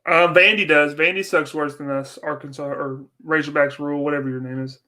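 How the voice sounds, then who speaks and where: A man's voice: a little high, steady tone, fairly quick, pushed and bright. A young man hosting a casual livestream, ranting and swearing in frustration while chatting with viewers. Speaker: livestream host.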